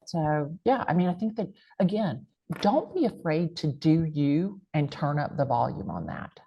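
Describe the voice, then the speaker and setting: A woman with a thick American country accent speaks in a low, full voice. She talks emphatically, dropping folksy catchphrases as she gives advice in an interview. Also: animated, unhurried, husky, dull audio. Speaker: real estate agent and guest speaker. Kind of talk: motivational interview talk.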